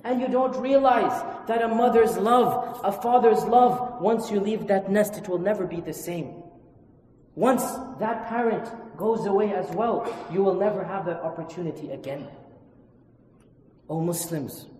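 Impassioned preacher in an echoing hall. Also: male voice, measured pace. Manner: impassioned, swings from loud emphatic stresses to low hushed passages. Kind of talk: sermon. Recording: echoey hall with long reverb.

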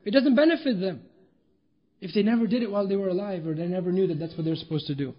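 A man's voice: sits high, quick pace. A man preaching a sermon with emphatic rhetorical questions and storytelling. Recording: dull lo-fi recording.

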